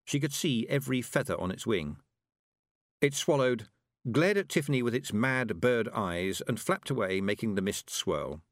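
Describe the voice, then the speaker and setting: Man narrating an audiobook in a lively voice. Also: mid-range voice, moderate pace, dry recording, clean studio sound. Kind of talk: scripted narration.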